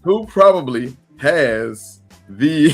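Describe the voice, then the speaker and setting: A man's voice: fairly high pitch, very slow, soft background music. A man hosting a casual livestream podcast, reading viewer comments aloud and laughing often. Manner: laughs often, lively and playful. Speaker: podcast host.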